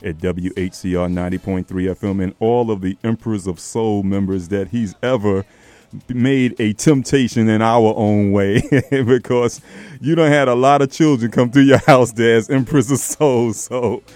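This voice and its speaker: A man's voice: lowish voice, no echo. A man hosting a live radio tribute call-in, talking affectionately and calling his callers baby and darling. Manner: affectionate, lively, calls people baby and darling. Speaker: radio host.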